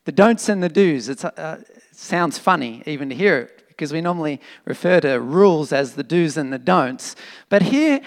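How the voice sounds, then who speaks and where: A man preaching a sermon in an animated, emphatic, conversational way, with fillers and restarts. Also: a little high, moderate pace. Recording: long reverb of a hall.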